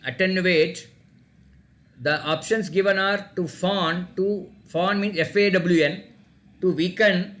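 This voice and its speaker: Taking it slowly, this man reads quiz questions aloud to an online class, saying each twice and spelling words one letter at a time. His voice is high-pitched and a bit bright.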